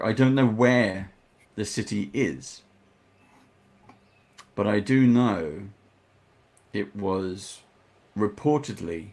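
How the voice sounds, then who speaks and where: A man running a tabletop game, speaking in character as a leader briefing the party in a slow, measured way. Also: on the low side, vocal fry, darkish tone. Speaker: dungeon master.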